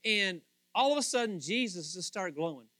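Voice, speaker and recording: A male pastor preaches with a high, bright voice and a playful, animated delivery, acting out the people he quotes. The recording is dry and close, with no room echo. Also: moderate pace. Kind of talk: sermon.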